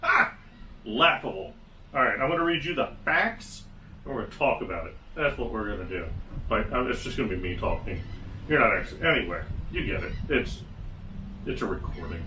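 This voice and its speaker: A man's voice: fairly low pitch, expressive, brisk, sharp tone, slight background noise. A man hosting his own podcast, talking through a casual solo commentary with sarcastic, wry asides. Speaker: podcast host. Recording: echoey room, mic at a distance.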